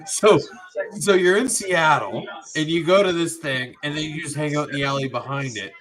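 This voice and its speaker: Male co-host, bright forceful voice, wisecracking and teasing. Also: fairly high pitch, normal speed, rough recording. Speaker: livestream co-host. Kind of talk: casual livestream chat.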